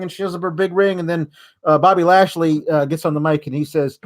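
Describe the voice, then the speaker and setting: A man's voice: fairly high pitch, steady tone, quick pace. A man hosting a podcast, giving a sarcastic, rambling casual recap. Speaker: podcast host.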